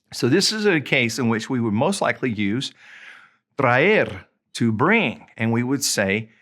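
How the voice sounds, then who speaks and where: A man teaching a language lesson, patiently explaining and repeating example sentences slowly. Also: medium pitch, fairly bright tone.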